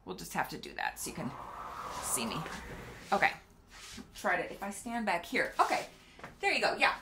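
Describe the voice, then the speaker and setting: A woman's voice: mid-range voice, bright, forceful tone, slight background noise. A middle-aged woman hosting a casual health vlog, chatty and instructive, counting aloud as she demonstrates exercises at home near a kitchen counter, slightly out of breath. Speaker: doctor and video host.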